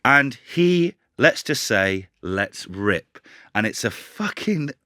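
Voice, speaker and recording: A man guest-hosting a football podcast, telling an animated story in casual chat and swearing freely. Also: mid-range voice, takes it slowly, no echo, clean studio sound.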